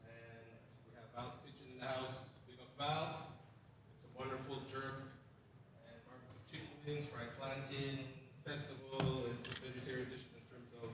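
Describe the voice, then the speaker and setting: A man hosting a live community event, making announcements and shout-outs to the crowd. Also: mid-range voice, very noisy. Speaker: event host. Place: event hall. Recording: echoey hall, mic from a distance, music behind.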